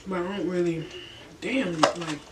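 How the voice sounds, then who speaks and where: A woman's voice: lowish voice, unhurried. A young woman vlogger telling a story in her bedroom during a mukbang, laid-back, slangy and profane, laughing often. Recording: roomy, distant mic, faint hiss.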